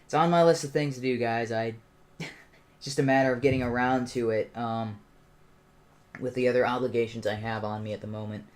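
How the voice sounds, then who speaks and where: A man's voice: mid-range voice, steady tone, normal speed, pauses often. A man hosting a livestream, giving an impassioned, argumentative commentary monologue. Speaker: channel host.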